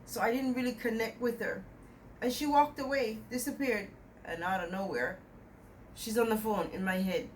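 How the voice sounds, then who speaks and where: A young woman telling a dream in a rambling, animated way, quoting the people in it. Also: on the high side, moderate pace, slight background noise, low-quality recording. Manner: rambling, animated retelling with quoted dialogue. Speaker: dream vlogger. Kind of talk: casual storytelling about a dream.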